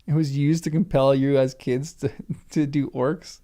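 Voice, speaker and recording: A man's voice: mid-range voice, little pitch movement, a little slow, warm tone. A man reading a novel aloud for the first time, breaking off for chatty asides and correcting his own slips. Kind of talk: reading aloud with casual commentary.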